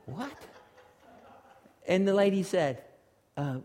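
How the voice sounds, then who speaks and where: A man is preaching a sermon, telling his story with lively energy that builds nearly to shouting. His voice sits high for a man and rings out with the long reverb of a large hall. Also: unhurried. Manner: animated storytelling, rising to near shouts. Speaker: pastor.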